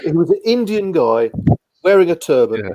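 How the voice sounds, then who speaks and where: A man's voice: a little high, big pitch swings, moderate pace, dark tone. A man hosting a casual video call chat, telling a rambling anecdote with self-deprecating asides. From Guernsey. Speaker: podcast host.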